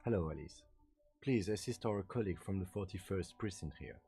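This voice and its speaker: An actor playing a calm, reserved male police lieutenant who speaks tersely. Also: low-pitched, a little fast, vocal fry, soft background music. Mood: composed. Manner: terse and composed.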